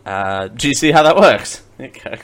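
A man's voice: medium pitch, expressive, moderate pace. A man hosting a casual comedic live stream, laughing often and making silly mouth sound effects. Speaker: live-stream show host.

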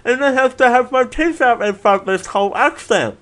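A goofy talking beaver with a much higher, squeakier voice than usual, as a man puts him on. He is smug and a little rude, pushing the voice up and up as he shows off. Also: fairly quick, a bit bright.

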